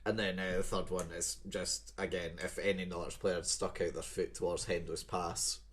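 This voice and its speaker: Young Scottish podcast co-host, very low-pitched, sweary storyteller. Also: male voice, flat delivery, moderate pace. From Scotland. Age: 20s. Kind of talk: casual chat.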